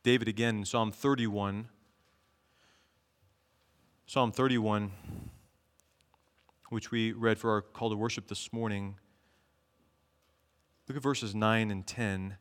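A man preaching a sermon as pastor, earnestly reading scripture aloud and slowing down for each verse. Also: fairly low pitch, steady tone, clear, resonant tone. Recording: long echo of a large hall.

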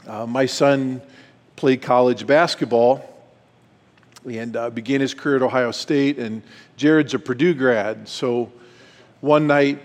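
Middle-aged guy telling a story at a men's retreat, lively, acts out the dialogue, big echoey hall. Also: mid-range voice, unhurried, pauses often. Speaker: retreat speaker. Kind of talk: storytelling talk. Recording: long hall reverb.

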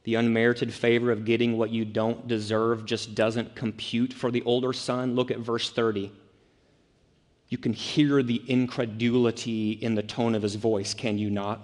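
A man's voice: medium pitch, flat delivery, normal speed. A male pastor preaching a sermon, emphatic and full of rhetorical questions. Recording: echoey hall.

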